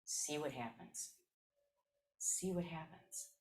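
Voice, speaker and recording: A Zen teacher in her seventies, a woman from Chicago, gives a dharma talk in an unhurried storytelling way. Her voice sits a little low, and she talks very slowly, often saying key phrases twice. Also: a little mellow. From South Side of Chicago, USA. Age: 70s.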